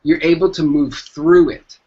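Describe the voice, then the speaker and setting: A man's voice: on the high side, fairly even intonation, measured pace, a little mellow. A man guest in an interview, giving motivational business advice in an emphatic way and repeating his key phrases. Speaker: entrepreneur guest. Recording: dull lo-fi sound.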